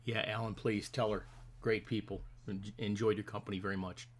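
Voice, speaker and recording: A man's voice: lowish voice, level tone, brisk. A middle-aged man hosting a casual live stream, rambling in a friendly way and greeting his viewers by name.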